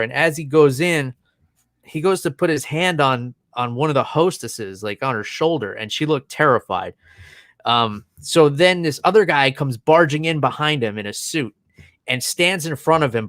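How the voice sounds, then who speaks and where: Man, podcast co-host, casual storytelling, amused and chuckling, mid-pitched voice, dry close recording. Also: fairly bright tone, no room sound. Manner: amused, rambling anecdote with frequent chuckles.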